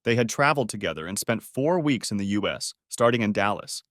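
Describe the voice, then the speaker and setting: A man narrating a first-person story in a steady, even reading. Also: fairly low pitch, a little fast, no echo, clean studio sound.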